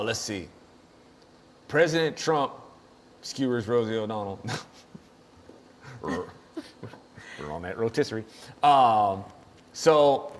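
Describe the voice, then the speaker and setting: Joking, rambling male show host. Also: mid-range voice. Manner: jokey, rambling, laughs often. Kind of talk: casual comedic chat.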